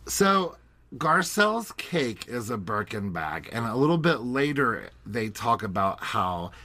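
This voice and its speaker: Bright-voiced man recapping TV, chatty. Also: medium pitch, sing-song, unhurried, no echo. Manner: chatty, playful, slips into quoting voices. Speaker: podcast co-host. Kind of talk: casual chat, recapping a reality TV episode.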